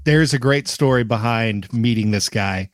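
A young man from Oklahoma, a podcast guest telling a story in a relaxed, easygoing way. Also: medium pitch, moderate pace, no echo, studio quality. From Oklahoma, USA. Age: young adult. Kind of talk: casual storytelling.

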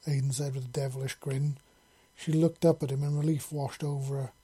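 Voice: medium pitch, level tone, brisk, warm tone, husky. A narrator reading fan fiction aloud, unpolished, with slips and self-corrections.

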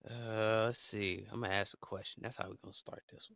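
A man's voice: on the low side, level tone, fairly quick, vocal fry, fairly bright tone, no echo. A man co-hosting a casual podcast, talking in a laid-back, slangy way and asking the questions. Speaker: podcast co-host. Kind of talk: casual chat. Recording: slightly muffled lo-fi mic, dry.

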